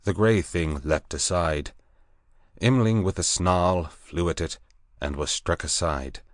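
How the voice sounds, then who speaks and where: Deep, slow male audiobook narrator. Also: no room sound, clean studio sound. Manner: measured, deliberate reading. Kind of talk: scripted narration.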